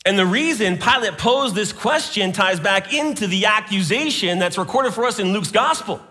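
High, bright-voiced preacher man in reverb. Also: animated, moderate pace. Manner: preaching, citing scripture references. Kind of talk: sermon. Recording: long hall reverb.

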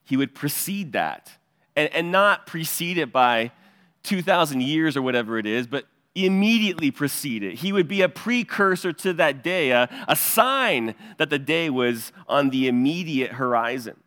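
A man delivers an expository sermon, his voice sitting a little higher than most men's. He teaches with an earnest cadence and steers his listeners to the verses. His words ring out with a long reverb, as in a large church sanctuary. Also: lively intonation, normal speed, a bit bright. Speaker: pastor.

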